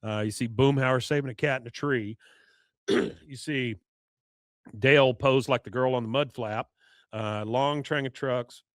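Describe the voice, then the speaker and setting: A man hosting a podcast, casually recapping an episode, rambling with fillers, coughs and a tiring, hoarse voice. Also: mid-range voice, steady tone, measured pace, long pauses, dry recording, studio quality. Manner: rambling retelling with many "uh"s, coughs and throat clearing. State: voice going hoarse. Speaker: podcast host.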